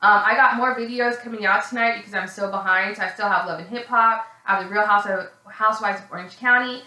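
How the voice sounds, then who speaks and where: A woman recapping a reality TV episode in a casual vlog, blunt and sarcastic, swearing freely and mimicking the people she quotes in a shrill voice. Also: steady tone, quick pace, bright, forceful tone, echoey room, low-quality recording. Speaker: reality TV reviewer.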